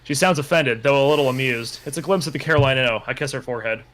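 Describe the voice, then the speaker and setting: A man's voice: medium pitch, rapid-fire, a bit bright. A man hosting a livestream, reading a bad novel aloud and breaking off into laughing, mocking asides. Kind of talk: casual livestream reading and chat.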